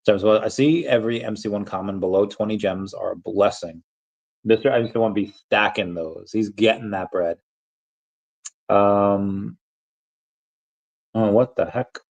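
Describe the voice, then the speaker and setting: A man's voice: on the low side, vocal fry, a little mellow. A young man hosting a casual livestream, reading chat aloud in a rambling, playful way and often stumbling over repeated words.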